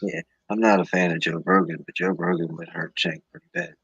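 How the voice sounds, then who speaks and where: Male co-host, deep gravelly husky voice, dry sarcastic delivery. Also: very animated, brisk, a bit bright, muffled recording. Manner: dry, sarcastic, matter-of-fact. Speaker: podcast co-host. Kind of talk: casual podcast chat.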